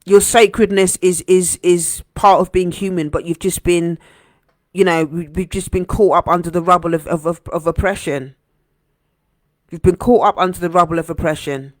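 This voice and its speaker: A woman hosting a heartfelt motivational live stream as a coach, earnest and gentle, repeating phrases for emphasis. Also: fairly low pitch, fairly even intonation, moderate pace, no room sound, studio quality. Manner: gentle, encouraging.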